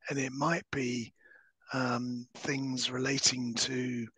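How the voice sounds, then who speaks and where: A hoarse man, a solicitor giving a measured, explanatory webinar talk over a video call. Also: mid-range voice, little pitch movement, pushed and bright, no echo, low-quality recording. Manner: measured, explanatory, dips into breathy near-whispers. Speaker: solicitor giving legal advice. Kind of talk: webinar presentation.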